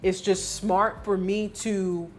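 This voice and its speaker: Woman fitness coach, candid vlog recap, expressive and emotional delivery, mid-pitched voice. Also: takes it slowly, a little hiss or hum. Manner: emotional, expressive storytelling with many fillers.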